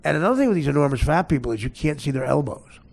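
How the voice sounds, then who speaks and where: A man's voice: on the high side, animated, very fast, creaky, a little mellow. A man hosting a comedy show, riffing crudely and mockingly, and laughing between his jokes. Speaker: comedian host.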